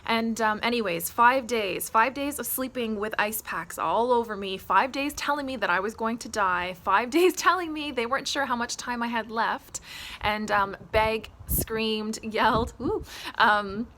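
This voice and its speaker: A woman's voice: a little high, a little slow, fairly bright tone. A woman telling her own health story to camera in a candid, emphatic way. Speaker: health vlogger.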